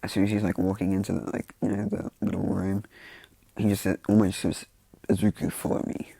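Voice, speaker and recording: A man's voice: sits low, level tone, brisk, vocal fry, dark tone, husky, dry recording. A man casually retelling a fan-made story in a loose, rambling way full of fillers.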